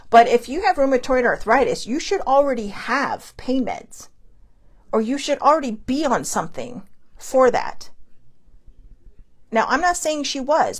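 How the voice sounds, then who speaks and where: A middle-aged woman telling a personal story on her own show. Her voice sits a little high, and she talks in a candid, animated, conversational way. She swears freely when she gets indignant. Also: normal speed. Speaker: podcast host. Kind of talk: casual storytelling monologue.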